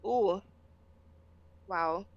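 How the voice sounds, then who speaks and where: A woman's voice: medium pitch, extremely slow. A woman calling in to a live show, speaking earnestly and frankly about her own life. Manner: earnest, frank, keeps asking "you understand me?". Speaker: caller. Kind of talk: casual call-in chat. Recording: dry, dull call line.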